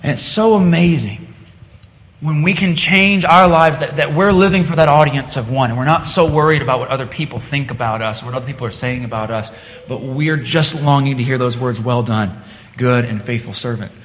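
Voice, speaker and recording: In a church sanctuary with the long reverb of a hall, a man preaches a sermon, earnest and plain-spoken, his delivery rising and falling. His voice is a little high, brisk and fairly bright, and he restarts often while telling a story.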